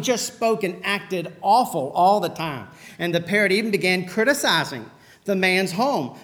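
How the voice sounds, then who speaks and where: High-voiced male pastor, conversational sermon delivery. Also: fairly bright tone. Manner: storytelling, conversational preaching.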